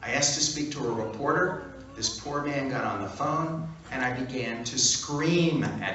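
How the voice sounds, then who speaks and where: A man speaking at a fan event, telling an animated, punchy anecdote to a crowd. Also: mid-range voice, measured pace, slight background noise. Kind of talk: storytelling talk. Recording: echoey hall from far off.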